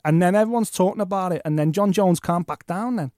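Fast-talking sports podcast host. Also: male voice, sits high, no echo, clean studio sound. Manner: fast, animated, opinionated. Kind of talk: casual sports chat.

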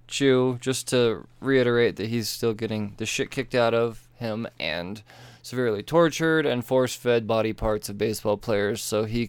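A man's voice: medium pitch, smooth, no room sound. A man hosting a podcast and casually recapping a comic book, a bit tipsy from drinking, swearing freely and briefly acting out characters' lines. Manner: animated, profane, acts out characters in quick bursts. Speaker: podcast host.

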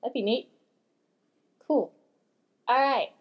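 A woman's voice: fairly high pitch, slow, husky. A woman co-hosting a book podcast in casual chat, laid-back and full of "like" and "you know". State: hiccuping. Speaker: podcast co-host.

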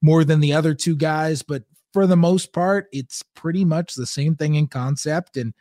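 Male panelist, higher voice, dry mic, casual talk that restarts as he thinks. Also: moderate pace, dark tone, no echo. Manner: thinking aloud, restarting and stumbling on words. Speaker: podcast panelist. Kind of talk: casual sports analysis.

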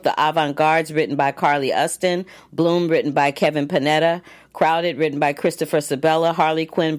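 A woman actress hosting casual entertainment news, chatty with many fillers and restarts as she reads long lists of nominees. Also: low voice.

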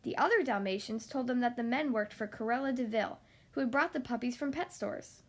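A woman reading a children's storybook aloud in a gentle, expressive manner. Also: a little high, fairly quick.

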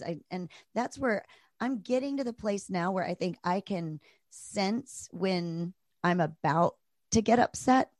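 A woman hosting a conversational interview, reflecting out loud and correcting herself as she goes. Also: on the low side, unhurried, dry recording, studio quality. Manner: reflective, thinking aloud, self-correcting.

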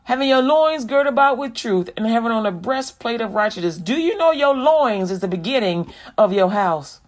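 A woman preacher delivering a sermon, mixing scripture recitation with animated, conversational talk. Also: a little high, moderate pace.

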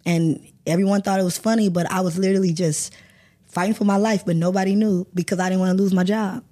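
A woman's voice: mid-range voice, steady tone, fast talker, mellow. A woman guest on a podcast, telling a personal story candidly and emotionally, with some swearing. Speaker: guest actor.

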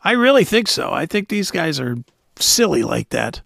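A blunt, wisecracking man co-hosts a music podcast. His voice is high and gravelly, and his pitch moves in an animated way. The recording is dry. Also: normal speed, dry recording. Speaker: podcast co-host. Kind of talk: casual chat.

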